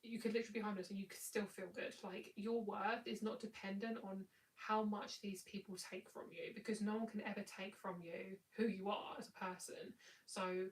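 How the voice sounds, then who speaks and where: A woman's voice: mid-range voice, distant mic, poor audio. A tired woman giving a live tarot reading in a chatty, rambling, affectionate way. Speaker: tarot reader.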